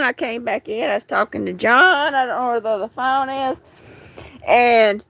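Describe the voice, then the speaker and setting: A woman talks to her followers on a phone livestream from home, her voice high and drawn out slowly. She is upset and tearful, rambling with shaky laughs and crying mixed into her words. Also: vocal fry, sharp tone. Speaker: livestream host. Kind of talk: live-streamed chat to followers.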